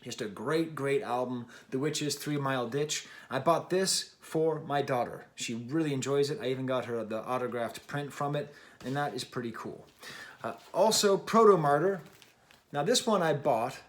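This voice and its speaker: A man's voice: mid-range voice, expressive, moderate pace. A middle-aged man hosting his own music review show, talking casually and unscripted, chatty and self-deprecating with frequent ums and restarts. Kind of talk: casual unscripted video talk.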